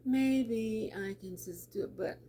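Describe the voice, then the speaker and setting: A woman's voice: fairly high pitch, takes it slowly, dark tone, slight background noise. A middle-aged woman talking casually to camera in a lunchtime vlog, chatty, repeating her words and laughing often. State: teary. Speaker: vlogger.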